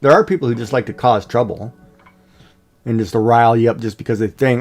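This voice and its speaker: A man's voice: mid-range voice, fast talker, darkish tone. A man hosting a livestream, chatting casually and jokingly with viewers. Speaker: livestream host.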